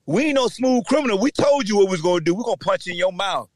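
A man hosting a sports podcast, delivering a loud, taunting trash-talk rant with shouting bursts. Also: high voice, fast talker, hardly any pauses, no echo. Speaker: podcast host.

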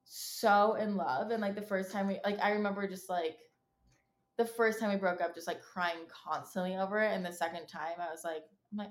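A woman's voice: medium pitch, fairly even intonation, moderate pace. A woman in her twenties telling candid stories in a casual chat, acting out the lines of people she quotes and swearing freely. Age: 20s. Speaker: podcast guest.

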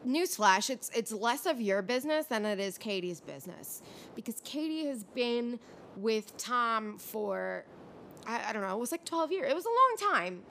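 A woman's voice: a little high, normal speed, slight background noise. Ranting young woman recapping reality TV. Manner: ranting, animated, frustrated. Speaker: podcast host.

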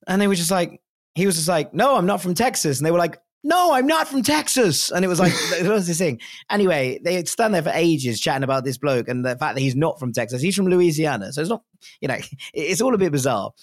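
A man co-hosting a podcast, chatting casually and acting out quotes excitably. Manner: excitable, acts out quotes with big pitch jumps. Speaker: podcast co-host. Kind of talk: casual chat.

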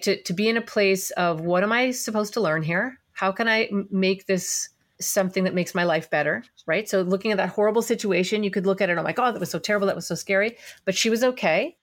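A woman hosting an interview podcast in casual chat, enthusiastic and encouraging. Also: mid-range voice. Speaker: podcast host. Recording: hollow, barrel-like sound.

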